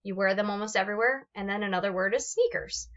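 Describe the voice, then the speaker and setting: A woman's voice: mid-range voice, quick pace, highs cut off. A woman teacher explaining poetry forms step by step in a recorded lesson, reading examples aloud with fillers and restarts.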